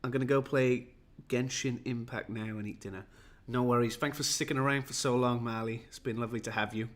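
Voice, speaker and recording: Here the same kind of speaker appears: a jetlagged, weary Welshman chatting casually on his livestream, self-mocking and rambling. His pitch is medium, his tone steady, and his delivery brisk.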